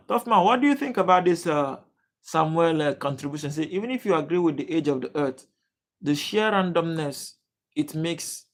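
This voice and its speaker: A young man hosts a casual livestream, reading out viewers' names and answering their comments as they come. His voice sits a little high for a man, and he talks haltingly, full of fillers and restarted sentences. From Nigeria. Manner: halting, many fillers and restarts, addresses chat viewers by name. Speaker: livestream host.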